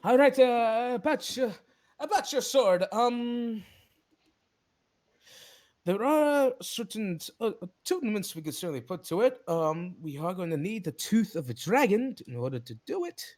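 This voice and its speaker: A man's voice: high voice, animated, a little mellow, pitched above the performer's own voice. A man doing a sly needling broker. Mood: businesslike. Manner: sly, teasing, drawn-out.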